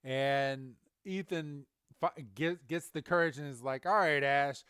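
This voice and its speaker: A man's voice: on the high side, measured pace, fairly bright tone, smooth, no echo, clean studio sound. A man hosting a podcast, casually recapping an episode and often laughing. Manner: chatty recap with laughs and acted quotes. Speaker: podcast host. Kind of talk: casual chat.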